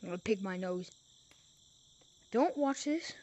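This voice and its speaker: A woman's voice: mid-range voice, lively intonation, unhurried, mellow. A woman giving playful, silly gameplay commentary into a headset mic, swinging from mumbled asides to squeals. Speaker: gaming video creator.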